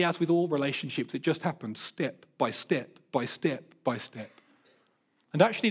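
Male pastor, middle-aged, fairly high voice; earnest sermon delivery with lively storytelling. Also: slightly rough. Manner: earnest, building emphasis, playful storytelling.

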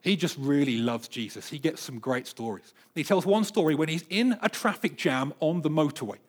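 A husky man preaches a sermon, rising into loud repeated bursts and then dropping to a near hush. His voice sits a little high for a man and carries an easygoing storytelling pull. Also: expressive, normal speed. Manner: dynamic storyteller, swings from loud bursts to hushed asides. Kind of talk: sermon with personal stories.

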